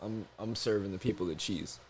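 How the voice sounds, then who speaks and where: A man's voice: on the low side, a little fast, a little hiss or hum. A young man co-hosting a podcast, telling a story in casual chat, profane and laughing often. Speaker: podcast co-host.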